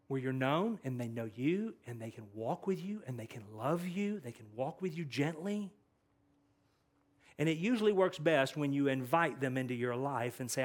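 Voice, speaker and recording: A man preaching a sermon as pastor, swinging between loud emphatic lines and soft, hushed asides, repeating phrases for emphasis. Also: on the high side.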